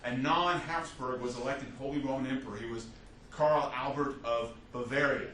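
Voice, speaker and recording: A man teaching a history class as a lecturer, telling the story with lively restarts and fillers. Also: medium pitch, moderate pace. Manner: animated storytelling with many restarts. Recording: echoey classroom from a distance, faint hiss.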